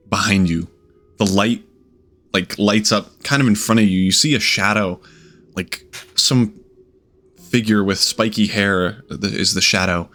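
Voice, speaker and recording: A man's voice: on the low side, a little slow, pauses often, sharp tone, soft background music. A man running a tabletop game as game master, narrating in a hesitant, trailing way with many fillers.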